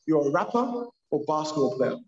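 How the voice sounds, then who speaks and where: A man with a London accent, a purpose coach talking as a podcast guest in an animated, emphatic way. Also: fairly high pitch, moderate pace, crowd noise. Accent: London English. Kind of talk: casual podcast conversation. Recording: echoey, dull lo-fi sound.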